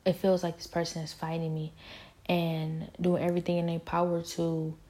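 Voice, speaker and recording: A woman's voice: on the low side, completely flat delivery, moderate pace, warm tone. A woman talking in a casual spoken monologue, intense and rambling, with pointed, confrontational questions and many fillers.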